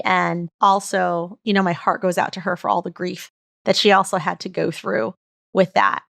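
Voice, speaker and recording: A woman's voice: medium pitch, gravelly, fairly bright tone, no echo, clean studio sound. A middle-aged woman hosting a show, telling a personal story in an earnest, heartfelt way. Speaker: podcast host.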